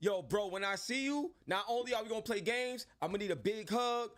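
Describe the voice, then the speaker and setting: A male interview host with an energetic, casual street manner, calling his guests bro. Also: high-pitched, brisk, soft background music.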